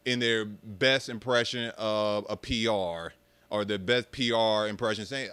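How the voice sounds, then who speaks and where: A young man rants to his viewers with a bright, crisp voice, cursing and mocking as he goes. His delivery is animated and loose. The sound is close and dry. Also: lowish voice, unhurried, no echo. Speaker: streamer talking about arcade rhythm games. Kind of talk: casual rant to viewers.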